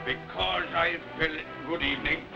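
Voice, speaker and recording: An actor with a British accent playing a mean, cold old miser who scolds in curt, sneering, clipped phrases. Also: male voice, high-pitched, animated, normal speed. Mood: dismissive. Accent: British English. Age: older. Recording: dull 1930s film soundtrack with music.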